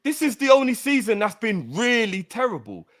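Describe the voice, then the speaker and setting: A man's voice: very high voice, sing-song, moderate pace, a bit bright. A man, passionately defending his view in a casual fan call-in debate. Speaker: regular on a fan call-in show.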